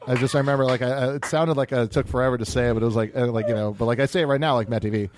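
A man's voice: mid-range voice, steady tone, racing. Hesitant comedian man, crowd behind. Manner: hesitant, many uhs and likes. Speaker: comedian guest. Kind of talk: casual podcast chat.

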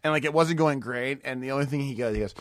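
A man's voice: mid-range voice, fast, no room sound, studio quality. A man in casual podcast chat, telling stories with lots of laughter and swearing. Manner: animated storyteller, laughs often, swears freely. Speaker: comedian guest.

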